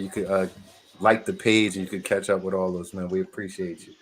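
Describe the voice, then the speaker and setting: Chill guy hosting a hoops podcast, kinda low voice, slangy and loose, laughs a lot. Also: little pitch movement, brisk, slight background noise. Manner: laid-back, slangy, laughs often. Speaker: podcast host. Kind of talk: casual sports chat.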